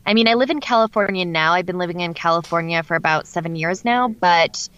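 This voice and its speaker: A woman's voice: on the low side, quick pace, fairly bright tone, smooth, no echo. A woman from Alaska speaks in a neutral West Coast American accent, chatting casually as a podcast guest. She talks loosely with plenty of fillers. Her mic sounds a little dull and lo-fi. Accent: General American, West Coast. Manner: chatty, laughs often, lots of fillers. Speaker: guest voice actor.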